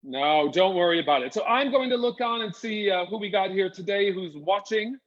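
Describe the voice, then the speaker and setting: A man's voice: high voice, normal speed, dull audio. A man hosting a casual live chat, playful and camp, putting on a mock-posh accent. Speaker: host.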